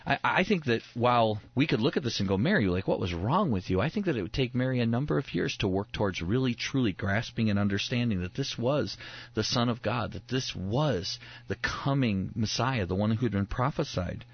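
A man teaching about a Bible passage in a conversational way, emphatic and animated, often acting out what people said. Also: a little fast, slightly rough, dull audio. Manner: emphatic, acts out quoted speech with rising pitch.

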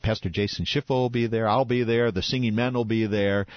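A man's voice: lowish voice, steady tone, brisk, dry recording, dull audio. A man co-hosting a Christian radio show, friendly and inviting as he announces an event.

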